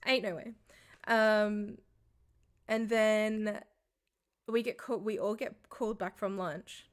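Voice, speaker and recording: A young woman tells a story on a casual livestream. She is animated, swears freely and laughs often, with a voice of middling pitch. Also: takes it slowly.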